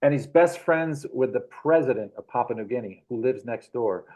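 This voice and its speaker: A middle-aged man of middling pitch tells his stories in loose, rambling bursts. He chuckles often, restarts sentences and scatters fillers as he talks. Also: moderate pace, poor audio. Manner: animated, chuckling, rambling anecdotes. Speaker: guest. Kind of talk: casual storytelling.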